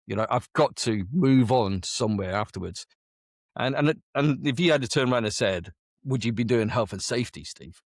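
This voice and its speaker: A man's voice: on the low side, no echo, studio quality. A man in his forties from the United Kingdom, an army veteran telling his story in a casual interview, chatty and full of quoted dialogue. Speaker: army veteran and business owner.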